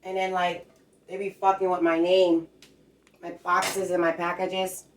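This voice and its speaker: A woman's voice: lowish voice, flat delivery, a little slow, a little hiss or hum, rough recording. Agitated woman ranting at home. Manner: agitated, profane, rambling. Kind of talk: rambling casual vlog rant. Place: home apartment, cooking.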